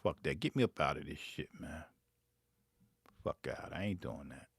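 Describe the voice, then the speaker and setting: A man's voice: very deep voice, moderate pace, breathy edge, dry recording, clean studio sound. A man chatting casually while making beats live, rambling and profane. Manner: profane, rambling, animated storyteller. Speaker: beatmaker streaming live.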